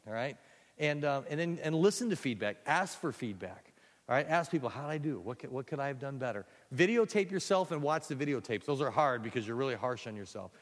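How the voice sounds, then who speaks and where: A man giving a conversational teaching talk on storytelling for children's ministry, animated, with frequent restarts and asides. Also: mid-range voice, big-room sound.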